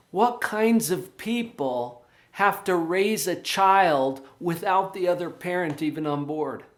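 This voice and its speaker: A man, a parenting coach and author, giving an animated motivational talk to camera, full of rhetorical questions. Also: fairly high pitch.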